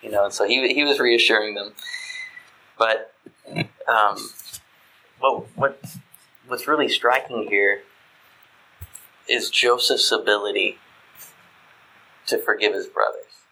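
A man's voice: lowish voice, slow, creaky, pauses often, sharp tone, low-quality recording. A man reading scripture and then teaching on it in a conversational way, often checking in with his listeners. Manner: conversational, asks "right?" to listeners, restarts mid-thought. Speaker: Bible teacher.

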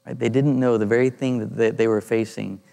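A man leading an informal Bible study, thinking aloud and pausing to search for passages as he reads and explains scripture. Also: medium pitch, fairly even intonation, gravelly, dark tone. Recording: long reverb in a room.

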